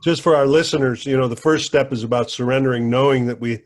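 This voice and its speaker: A man hosting a recovery podcast, calmly explaining ideas for listeners and affirming his guest. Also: medium pitch, fast. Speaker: podcast host, interviewer. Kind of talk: casual interview chat.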